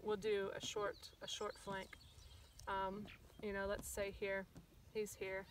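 A woman's voice: medium pitch, completely flat delivery, slow pace. Woman trainer, casual outdoor lesson, recorded from a distance with light background noise. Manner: casual, many ums, acts out dog corrections. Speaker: stockdog trainer. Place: outdoors at a rural field. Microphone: phone camera from a distance.

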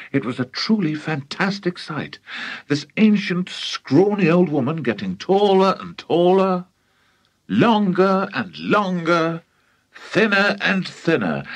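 An older British man narrating a children's audiobook with theatrical, highly expressive storytelling. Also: slightly rough. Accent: British English. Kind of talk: audiobook reading.

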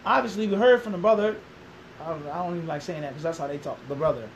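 Poor audio with a little hiss or hum captures a slightly high male voice moving at a quick pace. He's an Islamic teacher in his thirties from Philadelphia, USA, with a Philadelphia accent, and his interview becomes a lecture built on repeated points and rhetorical questions to the room.

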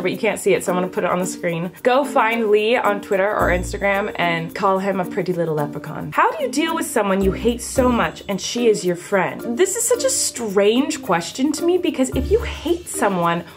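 A woman in her twenties chatting casually to camera in a vlog, bubbly and animated, with her pitch jumping up when excited. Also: brisk, hardly any pauses, over music. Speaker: vlogger.

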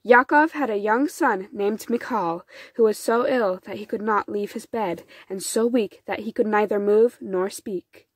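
A woman reading a folktale storybook aloud in an unhurried, soft storytelling manner. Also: medium pitch, husky, no room sound. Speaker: storybook reader. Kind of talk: children's storybook narration.

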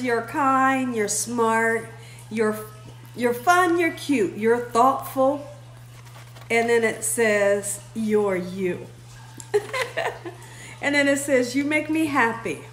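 A woman's voice: a little high, fairly bright tone. A woman hosting her own vlog, chatting effusively and talking straight to her viewers in a casual way. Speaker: vlog host.

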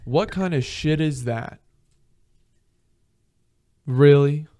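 A young man from Georgia hosting a podcast, telling travel stories in a casual, profane, animated way and acting out the people he quotes. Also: a little high, very slow. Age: young adult. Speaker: podcast host. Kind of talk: casual storytelling monologue.

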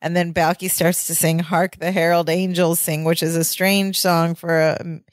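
A woman co-hosting a podcast who recaps a sitcom episode in steady play-by-play casual chat. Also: fairly low pitch, normal speed, dry recording, studio quality. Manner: steady play-by-play narration with small laughs. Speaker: podcast co-host.

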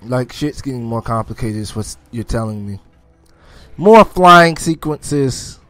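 A man giving casual gameplay commentary, excitable, swearing often and taunting enemies as he plays. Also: mid-range voice, measured pace, no echo, faint music behind.

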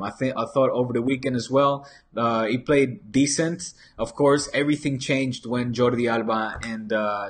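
A man's voice: medium pitch, breathy edge. A man hosting a live football channel, chatting casually, reading viewer comments and rambling with many restarts and stray Spanish phrases, into a desk microphone.

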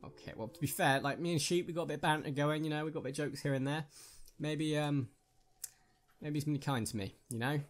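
A man's voice: fairly high pitch, fast talker. A man hosting a gaming channel, giving casual, jokey commentary on his own gameplay and chatting with viewers.

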